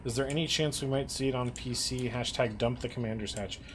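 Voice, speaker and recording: A man hosting a casual livestream, reading chat questions aloud in a relaxed, chatty way. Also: mid-range voice, fairly quick, a little hiss or hum. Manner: relaxed, chatty, laughs easily. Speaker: stream host reading chat.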